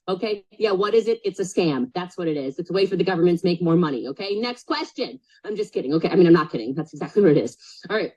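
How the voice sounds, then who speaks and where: A woman with a mid-range voice talks fast on a low-quality recording while coaching a group live on a sales call. She's super direct and emphatic, casual, and swears, repeating key points and checking in often with "okay?"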